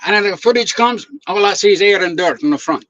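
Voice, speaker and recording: Guy telling stories on a stream, kinda high voice, acts out quotes, muffled dry audio. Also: fast talker, slight background noise. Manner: animated storyteller, acts out quotes, laughs often. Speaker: guest videographer. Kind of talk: casual chat, storytelling. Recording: dull lo-fi dry sound.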